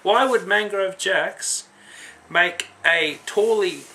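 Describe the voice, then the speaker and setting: A man's voice: high-pitched, takes it slowly, pushed and bright. Tipsy Australian man ranting about beer. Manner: swearing, slangy, rambling. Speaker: homebrewing vlogger. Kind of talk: casual rant to camera.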